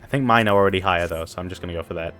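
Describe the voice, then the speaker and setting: A man's voice: deep voice, racing, fairly bright tone, faint music behind. A man live-streaming a game, playfully chatting and greeting viewers. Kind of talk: casual live-stream chat.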